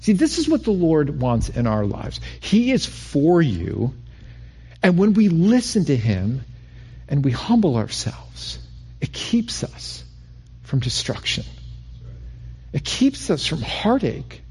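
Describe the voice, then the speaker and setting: A man's voice: fairly high pitch, huge pitch swings, slow pace, a little mellow, slightly rough. A middle-aged man preaching a sermon in a conversational way, often restarting phrases and building emphasis. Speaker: pastor.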